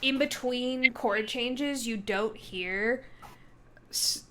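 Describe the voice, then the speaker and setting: A woman game master narrates a tabletop game at a slow, easy pace, chatting loosely with plenty of "um" and "like". Faint background noise runs under her voice. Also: on the high side. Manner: relaxed, chatty, many fillers.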